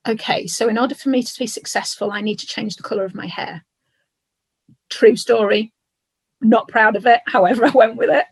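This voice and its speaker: Husky-voiced woman sharing a personal story. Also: fairly high pitch, no room sound. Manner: reflective, halting, tearful at times. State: emotional. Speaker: podcast guest. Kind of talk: emotional personal conversation.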